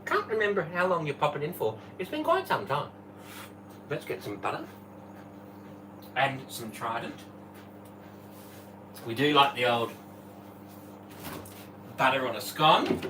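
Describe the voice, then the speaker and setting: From his home kitchen, a former Tupperware manager hosts a live cooking stream, chatting and greeting viewers by name. His mid-range voice is sing-song, with a measured pace and long pauses. He's heard from a distance off the mic, over a noisy background.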